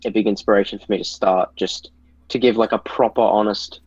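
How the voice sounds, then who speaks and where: A man's voice: on the low side, steady tone, brisk, darkish tone, breathy edge, dry recording. A man chatting casually as a podcast guest, laid-back and full of "like" fillers. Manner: laid-back, hedging with lots of "like". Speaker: guest, YouTube reviewer. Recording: dull, slightly lo-fi sound.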